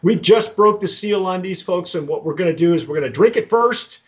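A man with a fairly high-pitched voice talks his way through a tasting in a loose, unhurried chat. He stops and restarts his phrases again and again and fills the gaps with "um" and "uh". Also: lively intonation. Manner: rambling, halting, with many restarts and fillers. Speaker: tequila review host.

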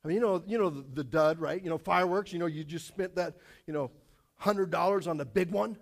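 A male preacher with a fairly high voice delivers a casual sermon. He tells stories with jokes, swinging from loud, punchy lines to quiet asides. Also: brisk, gravelly. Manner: casual, animated storytelling with jokes. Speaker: pastor.

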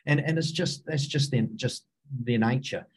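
A middle-aged man with a New Zealand accent, a rugby coach answering interview questions in a halting way, with many fillers and restarts. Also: medium pitch, slightly rough, low-quality recording. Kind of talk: casual interview talk.

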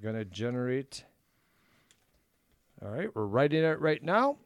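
A man's voice: mid-range voice, big pitch swings, no echo, dull audio. Midwestern man, casual podcast co-host. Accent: Upper Midwest American. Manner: mutters and swears at equipment, reads aloud haltingly. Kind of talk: casual chat.

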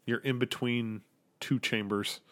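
A man's voice: mid-range voice, steady tone, unhurried, a bit bright. A young man as game master, narrating a tabletop game in a casual, rambling way full of fillers. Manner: casual, filler-heavy, describes scenes.

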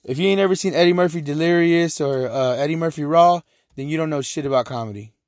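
A man's voice: fairly high pitch, quick pace, no room sound, clean studio sound. A man with a Texan accent hosting a casual solo podcast, talking loosely and profanely with lots of laughing asides. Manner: loose, profane, animated storytelling with frequent laughs. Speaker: podcast host.

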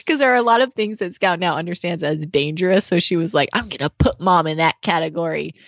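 A woman's voice: fairly low pitch, quick pace, dry recording, dull audio. A woman hosting a parenting podcast, telling stories about her child in a chatty, laughing way. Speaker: podcast host and mother. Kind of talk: casual podcast chat.

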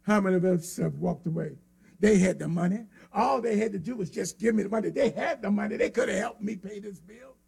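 A male preacher with a high-pitched, gravelly voice delivers an impassioned sermon. He drops to hushed, pleading tones and then rises into cries, with a Black flavor in his speech. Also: fairly quick. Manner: impassioned, swings from hushed to shouting.

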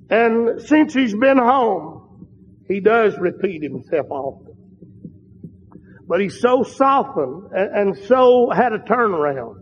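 Fervent high-voiced preacher in a reverberant hall. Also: male voice, breathy edge. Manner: rising to fervent emphatic peaks, repeating phrases. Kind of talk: sermon. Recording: long hall reverb, dull lo-fi sound.

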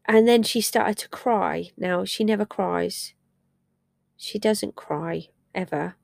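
A woman's voice: mid-range voice, slow pace, creaky, a little mellow, dry recording, clean studio sound. A middle-aged woman hosting a personal podcast, telling a story about her family in a candid, emotional, reflective way. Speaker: podcast host and parent.

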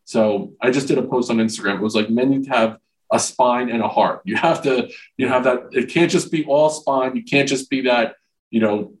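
A man's voice: medium pitch, fairly even intonation, brisk, rough recording. Frank, earnest man speaking casually. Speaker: podcast guest, men's mentor. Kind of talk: candid conversational interview.

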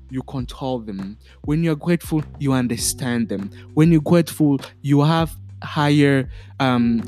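A man's voice: a little high, a little mellow. A man with a French accent hosting a podcast, giving an earnest motivational talk full of fillers and restarts. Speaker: podcast host. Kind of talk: motivational monologue.

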